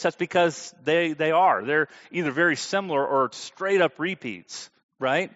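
A man delivers a sermon in a relaxed, conversational tone. He stresses his points and puts questions to the audience. His voice sits a little high, and the recording sounds dull and lo-fi. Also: unhurried. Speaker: preacher teaching a Bible class.

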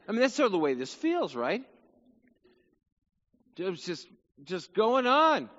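A man's voice: high voice, wildly swooping pitch, measured pace, pauses often, fairly bright tone, in a large hall, muffled recording. A male pastor preaching a sermon, reading scripture dramatically and chatting casually between passages.

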